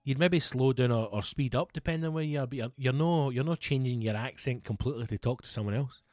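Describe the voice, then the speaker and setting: A man's voice: mid-range voice, fast talker, a little mellow, no echo, clean studio sound. A Scottish man in his thirties, swearing freely and rambling through anecdotes in a casual podcast chat. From Scotland. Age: 30s. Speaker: podcast co-host.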